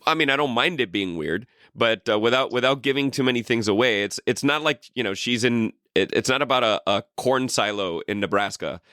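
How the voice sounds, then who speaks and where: A man's voice: mid-range voice, lively intonation, fairly quick, few pauses, pushed and bright, smooth, dry recording, studio quality. A man co-hosting a podcast, chatting casually in a rambling, profane way with lots of restarts. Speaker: podcast co-host. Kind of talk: casual chat.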